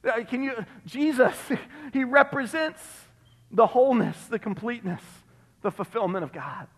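A male pastor delivering an emphatic sermon, repeating phrases and dropping to a hush on key words, recorded in a church sanctuary. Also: extremely high pitch, moderate pace. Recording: long reverb of a church hall.

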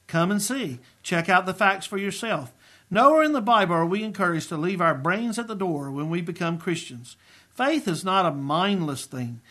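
A middle-aged man delivers a sermon in a fairly high voice. He is earnest and emphatic, and he draws out the phrases he wants to land. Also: expressive, pushed and bright. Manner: earnest, emphatic preaching with slow stressed phrases. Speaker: preacher. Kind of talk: sermon-style teaching.

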